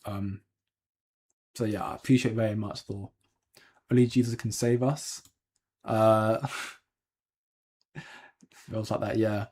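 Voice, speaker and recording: A man's voice: fairly low pitch, steady tone, measured pace, long pauses, darkish tone. A man hosting a crypto livestream, chatting casually and answering viewer comments with lots of ums and restarts. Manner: rambling, hedging, frequent ums and restarts. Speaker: crypto channel host.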